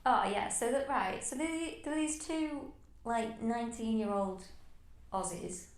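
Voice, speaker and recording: A woman in her thirties co-hosting a podcast, telling stories in a lively, chatty way. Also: on the high side, unhurried. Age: 30s. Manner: lively storytelling, laughs easily. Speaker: podcast co-host. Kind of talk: casual chat. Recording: roomy echo.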